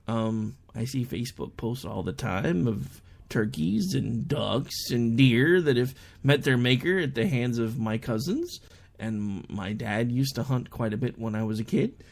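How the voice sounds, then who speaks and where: Lively, gravelly-voiced male talk host. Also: mid-range voice. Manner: chatty storytelling, quotes others in raised voices. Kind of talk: casual monologue.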